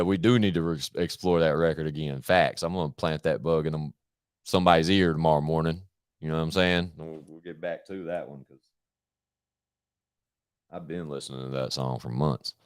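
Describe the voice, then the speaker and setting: A man's voice: a bass voice, dry recording, clean studio sound. A man chatting casually on his live stream, rambling, slangy and full of swearing.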